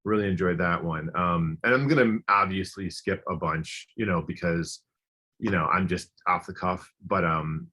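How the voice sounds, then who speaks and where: Bright husky-voiced man chatting casually. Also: low-pitched, normal speed. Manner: chatty, enthusiastic, rambling with fillers. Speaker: podcast co-host. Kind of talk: casual chat.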